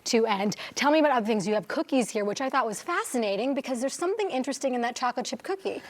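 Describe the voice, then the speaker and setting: A woman's voice: on the high side, expressive, very fast. A woman hosting a TV studio segment, bubbly and playful, laughing often as she tastes and chats. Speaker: TV show host. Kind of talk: lively studio chat.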